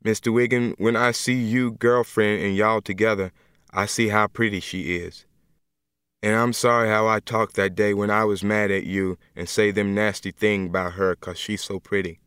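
A man reading as a gentle young jailed man. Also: on the low side, fairly even intonation, clear, resonant tone, dry recording, clean studio sound, lightly acted. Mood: earnest. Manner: slow, earnest, plain-spoken dialect. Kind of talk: audiobook first-person reading.

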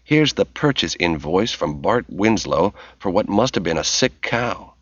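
Man doing a jittery young guy, anxious, evasive, slightly raised pitch, dry sound. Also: animated, unhurried, breathy edge, dry recording, muffled recording, heavily acted. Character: nervous young man sneaking through files.

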